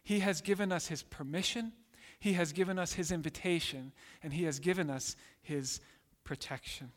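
A man's voice: fairly high pitch, moderate pace. A man preaching a sermon, emphatic and direct, sometimes acting out voices. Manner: emphatic, acts out voices in quotes. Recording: long hall reverb.

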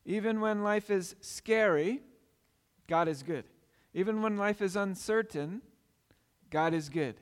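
A man's voice: high-pitched, a little slow, clean tone, big-room sound. A man preaching a sermon as pastor, earnest and repeating key phrases for emphasis.

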